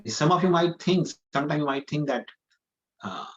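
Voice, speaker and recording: A man's voice: on the high side, lively intonation, normal speed, highs cut off. A man giving a scripture class, telling a story earnestly and repeating phrases for emphasis. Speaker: preacher.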